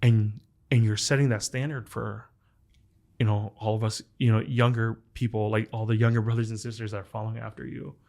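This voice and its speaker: A man's voice: lowish voice, little pitch movement, brisk, creaky. A man hosting a podcast interview, telling a family story in an earnest, emotional way, full of "like" fillers as he talks directly to his guest. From United States. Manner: speaks directly and warmly to the guest. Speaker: podcast host. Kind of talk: heartfelt interview conversation.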